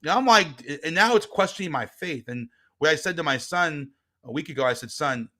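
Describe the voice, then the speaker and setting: A middle-aged man, a guest and author, telling a personal story in casual talk, swinging from quiet reflection to heated retelling. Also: on the high side, lively intonation, brisk.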